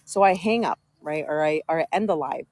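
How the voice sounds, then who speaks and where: A woman's voice: sits low, brisk, darkish tone, no room sound. A woman telling her personal story to an audience in a rambling, aggrieved way, quoting others as she goes. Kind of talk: casual storytelling to a live audience.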